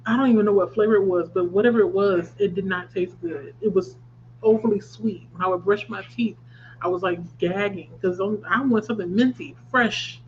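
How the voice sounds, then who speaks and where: A woman in her thirties talks through a craft livestream in an animated, chatty way, reacting to comments and laughing often. The audio is slightly dull and lo-fi, with a faint hum underneath. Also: medium pitch, a little fast. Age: 30s. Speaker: livestream host. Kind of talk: casual livestream chat reading viewer comments.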